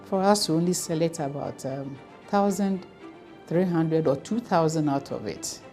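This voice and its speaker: A woman's voice: low-pitched, a little slow, dark tone, faint music behind. A woman, a foundation official speaking earnestly and with emotion in an interview. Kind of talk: interview answers.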